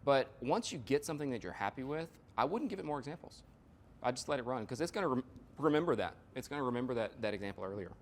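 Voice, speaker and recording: A man's voice: mid-range voice, lively intonation, fast, a little hiss or hum. Man presenting a live workshop. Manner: explains with analogies, frequent "right?" and "you know". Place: workshop room.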